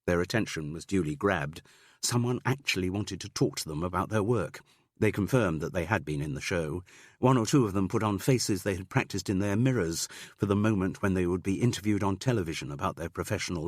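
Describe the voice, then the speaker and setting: A man narrating an audiobook in a steady, measured way with dry wit. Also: sits low, no room sound.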